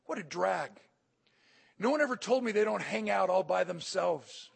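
A motivational speaker at a hotel conference delivers a humorous speech in a high, gravelly, husky voice, talking animatedly and a little fast. He tells comic stories and acts out the voices of the people in them.

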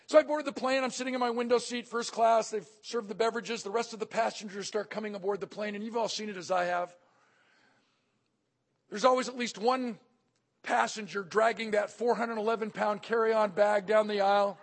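High gravelly man, comic motivational speaker. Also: fairly even intonation, brisk. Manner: comic storytelling, acting out quoted voices. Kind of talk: humorous motivational speech. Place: conference hall in a hotel.

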